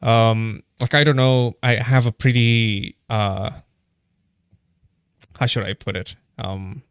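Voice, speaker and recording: A man's voice: medium pitch, fairly even intonation, takes it slowly, clear, resonant tone, dry recording, clean studio sound. A young man from Indonesia giving casual, heated commentary, blunt and swearing, with many hesitant fillers. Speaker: streamer reacting to a live broadcast.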